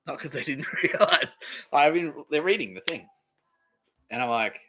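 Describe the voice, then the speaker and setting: A man's voice: mid-range voice, lively intonation, normal speed, long pauses, bright, forceful tone. A young Australian man hosting a podcast, rambling through a profane, sarcastic comedy monologue and often laughing at himself. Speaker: podcast host.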